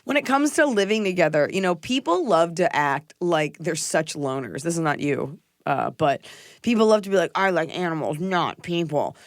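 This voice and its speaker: A woman hosting a podcast, chatting casually and joking in an animated, playful way. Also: on the low side, moderate pace, no echo, clean studio sound. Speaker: podcast host. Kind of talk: casual comedic chat.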